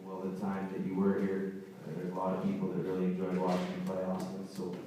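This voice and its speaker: Deep and warm but totally flat, a hockey head coach speeds through an unscripted awards banquet speech, rambling, restarting, and leaning on fillers. The mic is far off in a very echoey hall, with faint room noise.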